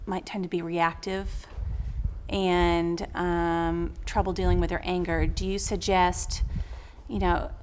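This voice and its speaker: A woman host and parent asking interview questions in a chatty way. She often shares from her own parenting and fills pauses with "um". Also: lowish voice, little pitch movement, a little mellow, a little hiss or hum.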